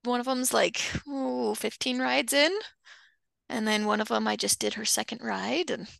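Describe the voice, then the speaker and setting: A woman's voice: fairly high pitch, moderate pace, creaky, no echo. A woman hosting a podcast and chatting easily about her work training young horses. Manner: relaxed, easygoing. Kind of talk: casual podcast chat.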